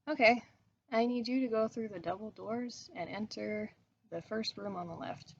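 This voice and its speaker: Woman doing a brisk businesslike receptionist lady, a bit louder, dull lo-fi hissy audio. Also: medium pitch, gravelly, natural voice. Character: brisk adult female receptionist.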